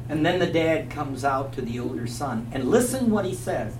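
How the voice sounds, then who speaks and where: A man's voice: fairly high pitch, sing-song, normal speed, hardly any pauses. A man teaching a Bible class, telling a story with animation and quizzing his listeners. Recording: echoey, from a distance, faint hum.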